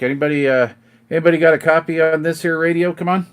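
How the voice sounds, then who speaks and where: A man's voice: fairly high pitch, fairly even intonation, fast talker. A middle-aged man chatting on a live stream as he calls out on CB radio from his kitchen table, slangy and full of radio lingo. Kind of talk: casual live-stream chat over CB radio.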